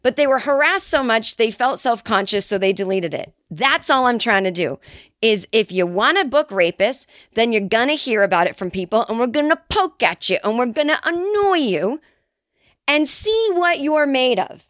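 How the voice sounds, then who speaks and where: A woman with a high-pitched voice delivers a comedy podcast monologue, sarcastic and profane. She jumps into shrill mocking voices when she quotes people. The sound is close and dry, with no room around it. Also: normal speed, no echo. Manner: profane, sarcastic, animated ranting. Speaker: podcast host.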